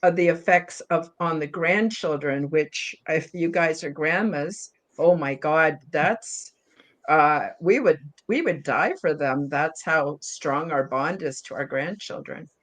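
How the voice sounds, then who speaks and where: A middle-aged woman speaking on a spiritual panel discussion, emotional and near tears, apologizing and talking warmly with many fillers. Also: deep voice, slow. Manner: heartfelt, apologetic, chatty with fillers. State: tearful, emotional. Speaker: panel guest.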